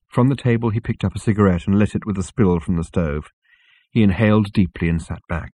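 A man narrating an audiobook in a calm, measured storytelling manner. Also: on the low side, husky, no echo. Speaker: audiobook reader. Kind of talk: scripted narration.

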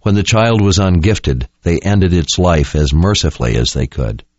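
Narrator's somber hero, very low voice, quiet clipped speech, lo-fi dry recording. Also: male voice, normal speed, no room sound. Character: grave young man, bitter and brooding.

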